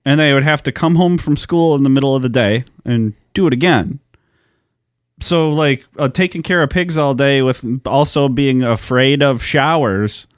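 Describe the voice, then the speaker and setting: A man co-hosts a true-crime podcast, trading casual, joking banter full of profanity. His voice is medium in pitch, clear and resonant. The recording is dry and close, with no room sound.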